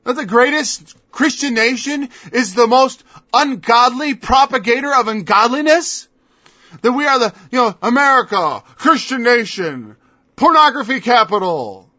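A man's voice: very high-pitched, lively intonation, a little slow, pushed and bright, dry recording. A man preaching a sermon in an emphatic style, firing off mocking rhetorical questions. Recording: dull lo-fi dry recording.

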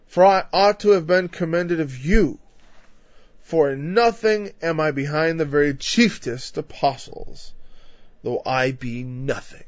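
A man preaching a conversational Bible-teaching sermon. He is emphatic, builds louder through lists and drops in frequent "you know" asides. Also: on the high side, no echo. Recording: dull, dry lo-fi recording.

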